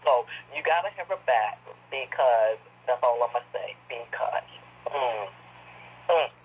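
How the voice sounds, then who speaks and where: A woman calling in to a radio show as the author's mentor, excited and preacher-like, swinging from shouts to low murmurs. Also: a little slow, phone-quality sound, slight background noise. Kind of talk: radio call-in praise.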